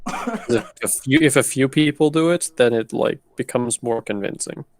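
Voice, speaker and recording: A man in a casual group chat who explains his ideas deliberately, with dry humor. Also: mid-range voice, no room sound. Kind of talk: casual chat before a tabletop game stream.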